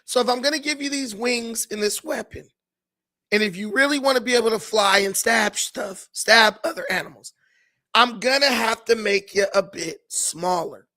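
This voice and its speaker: A man voicing a patient male creator spirit who explains things in a measured way. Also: sits high, sharp tone. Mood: explaining.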